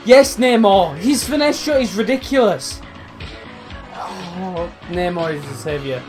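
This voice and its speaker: A young man commentating his own football video game, swearing, swinging between loud outbursts and low muttering. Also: unhurried, faint music behind. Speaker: gaming YouTuber. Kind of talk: live gameplay commentary.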